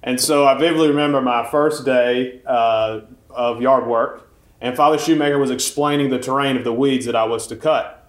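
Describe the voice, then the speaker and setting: A male priest preaches a homily at a mid-range pitch, easygoing and conversational, with small hesitations as he tells a story. His voice rings out in a roomy church with clear echo. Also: normal speed. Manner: conversational storytelling, relaxed with fillers. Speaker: Catholic priest.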